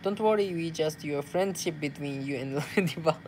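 A Japanese man with a Japanese accent, casually reading fan messages aloud as a vlogger, playful and quick to laugh, mixing Tagalog fillers into his English. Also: a little high, darkish tone, a little hiss or hum.

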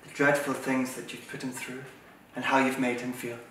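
A condescending upper-class nanny, put on by a man, lectures with a bright, clipped edge and a "darling" at every turn. The voice sits a little back from the mic. A roomy echo and faint hiss surround it. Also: mid-range voice, level tone, moderate pace, far from the mic, lightly acted. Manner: patronising, calls everyone darling. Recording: echoey room, off-mic, faint noise.

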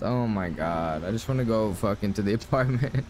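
A man's voice: fairly low pitch, moderate pace, few pauses, darkish tone, faint music behind. A young man streaming a game, talking casually to his chat and ranting with lots of swearing.

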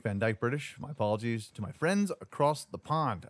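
A man's voice: fairly low pitch, expressive, moderate pace, hardly any pauses, no echo. A man giving casual, jokey commentary while playing a survival building game, often taunting the creatures he fights. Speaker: gaming YouTuber.

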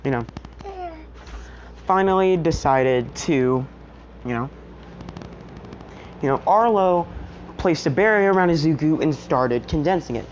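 Low-voiced woman rambling a fan story. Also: lively intonation, measured pace, long pauses, darkish tone. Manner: rambling, filler-heavy with constant "you know". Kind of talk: casual story recap vlog. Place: home. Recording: muffled lo-fi audio with household noise.

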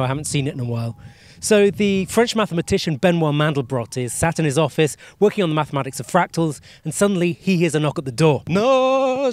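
A man telling a long, rambling joke as a scripted comic monologue in a deadpan way. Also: a little high, a little hiss or hum. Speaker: comedian, narrator.

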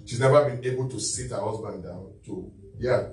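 A bishop speaking as a talk-show guest, teaching on marriage in a loud, preacherly way. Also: male voice, fairly low pitch, normal speed, slight background noise. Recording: echoey room, distant mic, faint music.

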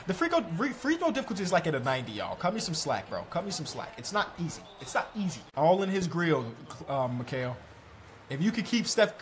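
A young man commenting on his own basketball video game as he plays, talking to the players on screen, mocking himself and shouting at big plays. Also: a little high. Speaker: gaming YouTuber.

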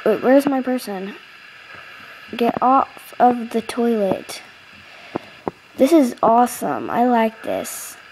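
High-voiced woman chatting over gameplay. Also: big pitch swings, slow pace, long pauses, a little mellow, slight background noise, rough recording. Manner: chatty, giggly, easily startled. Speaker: gaming channel host. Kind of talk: casual gameplay commentary. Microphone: computer mic, close.

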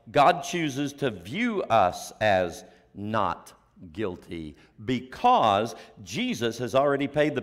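Delivering a sermon, this pastor from the United States rattles off rhetorical questions and sinks into an almost whispered hush to stress his points. His voice is mid-range.

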